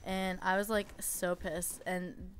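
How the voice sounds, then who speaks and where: A woman's voice: fairly low pitch, little pitch movement, takes it slowly, a little hiss or hum. A young woman in a casual storytime vlog, chatty and exasperated, peppering her stories with "like". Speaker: babysitter telling stories.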